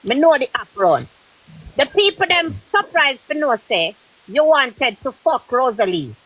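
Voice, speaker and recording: A woman's voice: high-pitched, very animated, unhurried, fairly bright tone, breathy edge, rough recording. A Jamaican woman hosting a live stream, lecturing her guest insistently.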